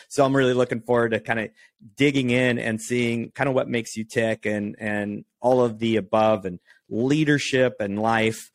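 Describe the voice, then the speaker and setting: Upbeat male podcast host, mid pitch, dry close mic. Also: fairly even intonation, moderate pace, dry recording. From Oregon. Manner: upbeat, eager, laughs easily. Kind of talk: casual interview chat.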